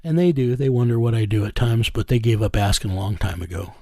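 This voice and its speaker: A middle-aged man telling a personal story in an interview, slow, earnest and plain-spoken. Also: lowish voice, creaky, darkish tone, no room sound, studio quality. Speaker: interview guest. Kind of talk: reflective storytelling.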